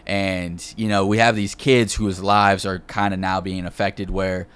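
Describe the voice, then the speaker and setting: On a laid-back podcast, a male host shares his views tentatively, leaning heavily on filler words. He speaks unhurriedly in a deep, smooth, slightly bright voice with little pitch movement.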